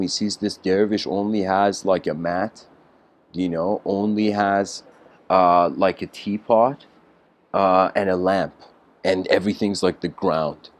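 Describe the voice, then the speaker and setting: Rambling man telling a story. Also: low-pitched. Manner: rambling, many fillers and self-corrections. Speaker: lecturer. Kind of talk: casual spoken storytelling lecture.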